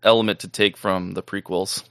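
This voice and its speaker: A man's voice: sits low, level tone, moderate pace, creaky, a bit bright, no room sound, studio quality. A man in casual chat about a TV episode, hesitant and filler-heavy.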